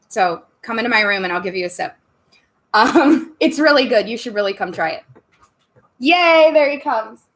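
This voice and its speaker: A woman's voice: mid-range voice, a bit bright. A woman hosting a casual livestream from a room at home, chatty and bubbly, laughing often between thoughts. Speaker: livestream host.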